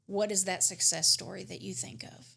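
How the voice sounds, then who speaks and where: A woman hosts a relaxed interview, speaking at an average pitch. She is effusive and encouraging, and she showers her guest with praise in an easygoing, chatty way. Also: moderate pace, vocal fry, breathy edge. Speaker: host. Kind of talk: casual interview chat.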